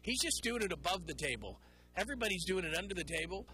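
High, bright-voiced sports radio host. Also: male voice, quick pace, breathy edge, rough recording. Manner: animated, rambling, mocks others in put-on voices. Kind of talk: call-in sports talk.

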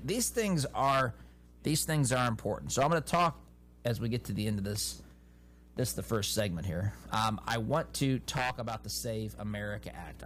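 A man hosting a political commentary show, reading news reports aloud and adding his own opinionated, animated remarks, often restarting phrases. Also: medium pitch.

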